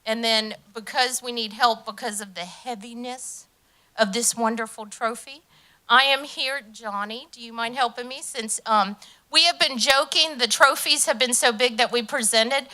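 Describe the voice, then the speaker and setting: A woman with a bright, ringing voice pitched a little high, speaking at a county council meeting. She talks with warm enthusiasm and fills her pauses with ums. Her voice turns emotional easily. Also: fairly even intonation. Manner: enthusiastic, many filler ums, gets emotional. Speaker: community delegation leader. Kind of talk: speech at a public council meeting.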